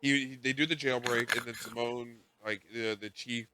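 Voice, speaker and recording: A man co-hosting a casual podcast, recapping an anime episode with rambling, animated asides and quoted lines. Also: mid-range voice, normal speed, noisy background. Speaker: podcast co-host.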